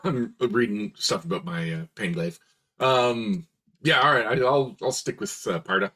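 A man playing a tabletop game, joking in a deadpan way. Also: medium pitch, moderate pace, husky. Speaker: player. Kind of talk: casual tabletop play.

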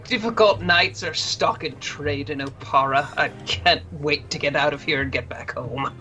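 A woman's voice: low-pitched, normal speed, sharp tone, dull audio, pitched below the performer's own voice. A woman voicing a weary, fussy half-elven male duke who speaks in a dry, formal, slightly haughty way in a tabletop role-play.

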